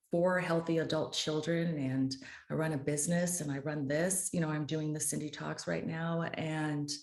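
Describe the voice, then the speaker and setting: Give me a candid woman in her fifties with a low voice, recorded in a roomy space. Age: 50s. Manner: earnest and open, with frequent restarts. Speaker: author and guest. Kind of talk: candid interview conversation. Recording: roomy echo.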